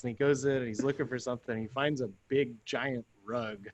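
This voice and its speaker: A man, a guest on a talk show, telling a story casually. He talks in an animated way, laughs often and acts out the lines of people in his story. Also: medium pitch, a little fast, a little hiss or hum.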